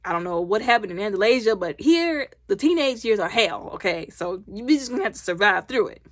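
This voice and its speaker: A woman's voice: mid-range voice, lively intonation, a little fast, no echo, lightly acted. Woman voicing a firm, lecturing stepfather in a casual recap, dry close sound. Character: stern protective stepfather, adult man.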